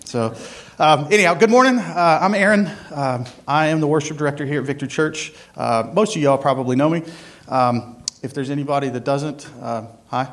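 A man's voice: fairly high pitch, fairly quick. A man, a church worship director giving a casual, rambling sermon with prayer and a joke, full of ums and uhs. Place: church sanctuary.

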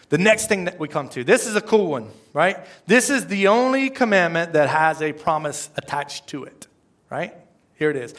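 A man's voice: a little high, animated, a little fast, fairly bright tone. A man preaching a conversational sermon, often asking the congregation questions. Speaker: pastor.

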